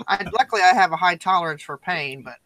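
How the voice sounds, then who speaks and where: A woman's voice: lowish voice, a little fast, a bit bright, dry recording, low-quality recording. A woman chatting casually in a group, telling blunt stories and laughing often.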